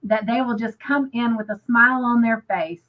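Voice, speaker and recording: A woman co-hosting a crochet livestream, gushing excitedly and reading viewer comments aloud. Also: on the high side, normal speed, rough recording. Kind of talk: casual live chat, reading comments.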